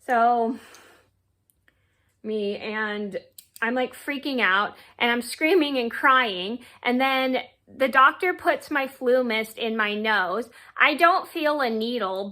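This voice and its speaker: A woman's voice: on the high side, bright, forceful tone. A young woman telling a personal story to her viewers, rambling casually with many fillers and restarts. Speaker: vlogger.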